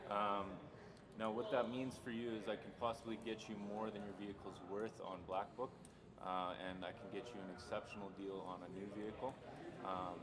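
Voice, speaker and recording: A male car salesman practicing a phone pitch in a training session, hesitant and full of fillers. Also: flat delivery, fairly quick, very noisy. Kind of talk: sales training role-play. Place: car dealership.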